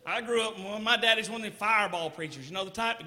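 A man from Georgia with a Southern American accent, doing animated stand-up storytelling and teasing the crowd. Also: high voice, fast, big-room sound, a little hiss or hum. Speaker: comedian. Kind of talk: stand-up comedy.

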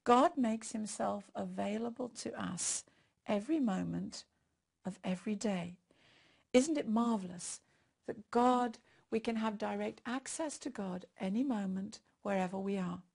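Older woman preaching with gravelly voice. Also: medium pitch, a little slow. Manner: warm storytelling, leads prayer. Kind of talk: devotional sermon.

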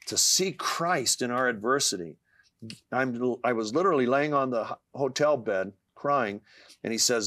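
A man's voice: mid-range voice, moderate pace, a bit bright, no echo. An older man, an author being interviewed, speaking earnestly and reading scripture aloud with passion. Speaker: author guest.

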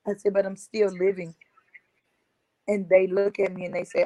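A woman's voice: medium pitch, little pitch movement, normal speed, dark tone, no room sound, rough recording. A woman, a domestic violence survivor and advocate, earnestly recounting her experience, often quoting what was said. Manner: earnest retelling, quoting others with "I said". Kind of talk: emotional personal testimony.

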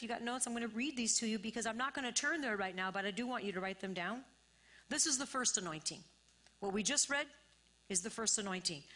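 A woman's voice: a little high, fairly bright tone. A woman pastor preaching a sermon, repeating phrases and building to emphatic, rising bursts.

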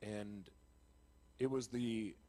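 A man's voice: fairly low pitch, fairly even intonation, very slow. Earnest man giving a Christian testimony. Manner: earnest and confessional, with restarts and self-deprecating laughs; grows loud and impassioned when retelling his conversion. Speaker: speaker giving a testimony on live TV. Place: television studio.

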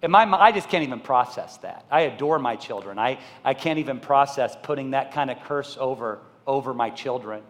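A man in his forties, a pastor telling a story in his sermon, earnest and dropping soft and low in the emotional moments. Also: animated, fairly quick, hardly any pauses, big-room sound. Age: 40s.

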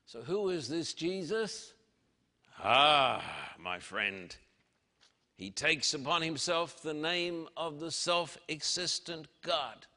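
A man preaching in a big reverberant hall, with a bright, ringing voice. He speaks very slowly and dramatically, leaning hard on quoted lines. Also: fairly high pitch. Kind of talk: sermon.

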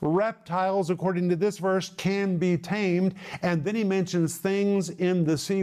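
A middle-aged man teaching a sermon, explaining scripture word by word with deliberate emphasis. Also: high-pitched, darkish tone. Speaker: Bible teacher.

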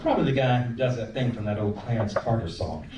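A man telling an animated comic story on stage, acting out voices. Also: mid-range voice, fast talker, a crowd in the background. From American South. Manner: animated, acts out voices and sings bits. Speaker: stand-up comedian. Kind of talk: stand-up storytelling. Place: comedy club stage. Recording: roomy club sound from a distance.

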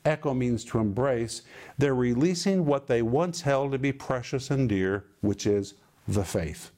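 Guy teaching the bible on tv, emphatic, middle pitched voice, breaks down greek words. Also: a little slow, darkish tone.

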